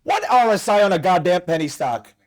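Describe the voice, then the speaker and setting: A man teaching a live trading class, emphatic and animated, quizzing his students with rapid questions. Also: high-pitched. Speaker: trading instructor.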